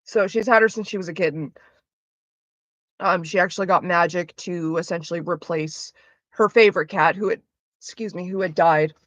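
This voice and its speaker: A woman's voice: on the low side, normal speed, a bit bright, no echo. A woman chatting casually on a live stream, rambling and swearing through her asides.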